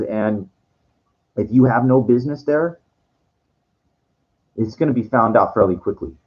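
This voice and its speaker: Muffled audio captures a streamer's mid-range male voice as he rambles on, restarting sentences and cursing. Now and then he acts out what other people said, putting on voices for them.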